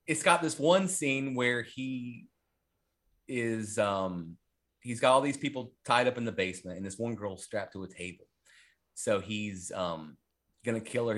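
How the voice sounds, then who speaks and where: An ordinary-sounding man talks through a horror movie on his podcast. He rambles and swears freely, leaning on plenty of "like"s and "um"s as he goes. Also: on the low side. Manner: rambling and profane, with many fillers. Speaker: podcast host. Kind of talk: casual horror movie chat.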